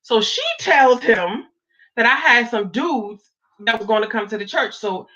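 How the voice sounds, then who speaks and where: A woman in her thirties telling a dramatic personal story in an animated, casual vlog. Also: a little high, measured pace. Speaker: vlogger. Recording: dull lo-fi audio.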